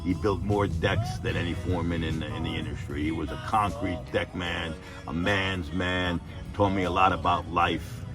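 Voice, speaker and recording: A retired electrician in his 50s tells rambling, profane stories about his old job, constantly adding "and everything." His low voice keeps a steady tone at a moderate pace, with loud music playing over it.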